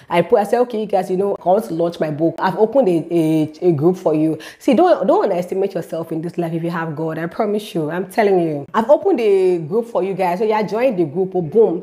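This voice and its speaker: Animated woman giving a testimony. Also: fairly low pitch. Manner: animated storytelling, repeats phrases, speaks directly to viewers. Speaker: vlogger sharing a faith testimony. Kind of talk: casual testimony to camera.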